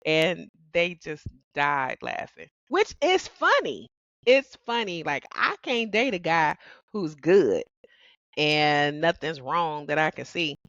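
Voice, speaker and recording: Expressive woman podcaster, low dull voice. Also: slow, no room sound. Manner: expressive, laughs often, calls listeners "baby". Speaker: podcast host. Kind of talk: personal reflective monologue.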